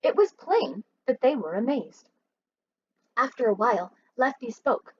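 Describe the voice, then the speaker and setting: A woman's voice: on the high side, lively intonation, measured pace, breathy edge, muffled recording. A woman teacher reading a children's book aloud expressively and asking her listeners questions.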